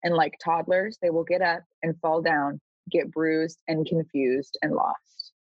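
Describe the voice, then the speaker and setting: An expressive scripture reader with a faintly breathy voice. The sound is dry and dull, as if coming through a low-fidelity connection. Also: a little slow, dry recording. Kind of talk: reading scripture aloud.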